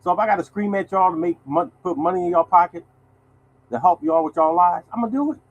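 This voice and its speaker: A man's voice: high-pitched, quick pace, phone-quality sound. Blunt older man talking to y'all. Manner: animated, blunt, swearing, addresses audience as y'all. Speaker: lottery show host. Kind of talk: casual monologue to viewers.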